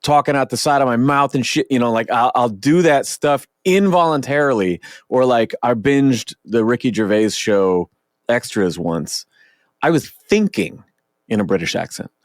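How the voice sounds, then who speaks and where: Animated, profane podcast host in his thirties. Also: mid-range voice, normal speed, no room sound, studio quality. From Oregon, US. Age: 30s. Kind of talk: casual podcast chat.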